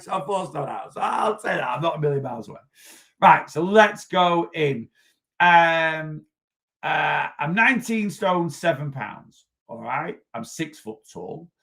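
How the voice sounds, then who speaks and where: A man who coaches weight loss, chatting casually on a live Q&A and talking straight to the viewer, often checking in with "right?". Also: a little high. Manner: animated, talks straight to the viewer, repeats himself, asks "right?". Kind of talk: casual live-stream advice chat.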